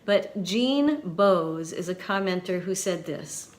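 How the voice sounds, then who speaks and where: A woman's voice: lowish voice, expressive, takes it slowly. A woman over fifty hosting her own vlog, talking in an earnest, chatty way to viewers in a light soprano voice. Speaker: channel host and university teacher. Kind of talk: casual vlog talk to viewers.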